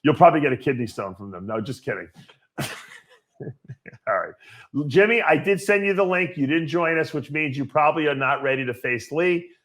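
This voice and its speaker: A man hosting a casual talk show, his voice sitting a bit higher than most men's. He keeps things light, cracking jokes and laughing often with his guest. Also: expressive, a little fast, a bit bright. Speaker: show host. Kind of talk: casual chat.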